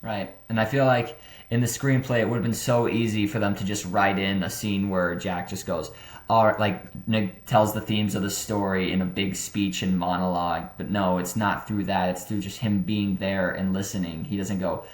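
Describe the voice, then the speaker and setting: Male host of a home film review, low pitch, speaks plainly and earnestly in a reverberant room. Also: normal speed. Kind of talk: casual film review chat.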